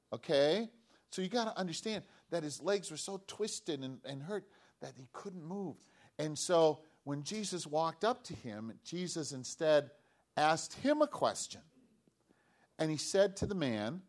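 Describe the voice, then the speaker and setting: A man giving a storytelling sermon to children, animated, acting out the voices of the people in the story. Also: a little high, unhurried.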